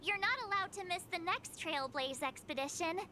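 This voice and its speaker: An actress voicing an upbeat young woman companion in a game, reading her lines slowly and with careful enunciation. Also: extremely high pitch, pushed and bright. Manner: slow, over-enunciated line reading. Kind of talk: game character dialogue. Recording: game audio with faint background noise.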